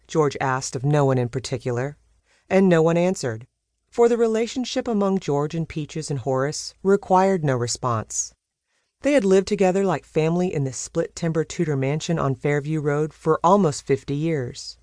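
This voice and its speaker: Audiobook read: woman narrator, lower voice, very lively delivery, dry close studio sound. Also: normal speed, no room sound. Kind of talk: scripted narration.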